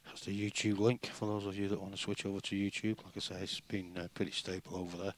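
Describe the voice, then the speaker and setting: A man co-commentating on a pool match, speaking in a steady, matter-of-fact way. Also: low-pitched, fast, slight background noise. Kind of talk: live sports commentary.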